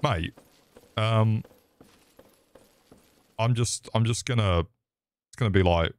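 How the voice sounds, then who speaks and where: A man's voice: on the low side, slow, long pauses, no echo. A young Englishman streaming a game, joking crudely, swearing often and chatting back to his viewers. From England. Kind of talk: live gameplay commentary.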